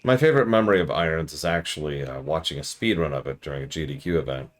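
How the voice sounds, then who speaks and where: A man's voice: rumbling low, quick pace. A man casually commenting on a game during a live stream, with sarcastic joking asides.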